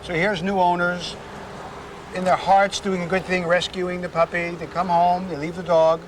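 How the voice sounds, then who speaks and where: A man's voice: little pitch movement, moderate pace, background noise. Chatty male dog trainer outdoors. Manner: chatty, explanatory, goes high and sing-song coaxing the dog. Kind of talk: on-location dog training demo.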